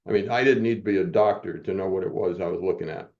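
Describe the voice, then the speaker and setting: A man's voice: low-pitched, quick pace, vocal fry. Guy in his 70s telling his story on a podcast, fired up and pep-talky, kinda dull lo-fi sound. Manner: motivational, acts out quoted dialogue. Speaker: podcast guest. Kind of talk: personal storytelling in a podcast interview.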